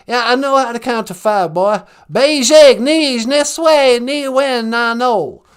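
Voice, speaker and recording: A man's voice: very high-pitched, slow, clear, resonant tone, voice pushed up. A man voicing a laid-back, folksy Texan former president with a put-on drawl and slangy talk. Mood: teasing. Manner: drawling, slangy, calls people man and boy.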